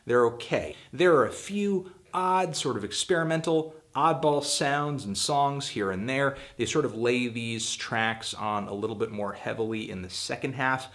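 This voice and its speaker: A man hosts his own show, giving a casual spoken album review as a music critic. His voice is medium-pitched, a little slow, and a bit bright, with few pauses. He's blunt and full of hedging fillers, turning emphatic and exasperated at times.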